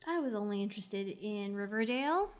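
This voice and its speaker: A woman's voice: mid-range voice, animated, fairly quick. A young woman guest on a casual podcast chat, hesitant and easygoing in her opinions. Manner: hesitant, agreeable.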